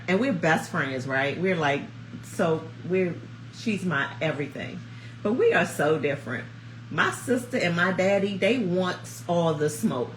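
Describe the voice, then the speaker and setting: Lively, low-voiced woman in her fifties. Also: a little slow, slight background noise. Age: 50s. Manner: chatty, animated storytelling. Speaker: vlog host. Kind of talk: casual chat to viewers. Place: at home, snowed in. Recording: roomy echo.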